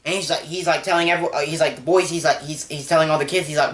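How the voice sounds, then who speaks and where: A young man recapping a movie in a casual review, excitable and animated, with sudden jumps in pitch and volume. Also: quick pace, few pauses. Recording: echoey room.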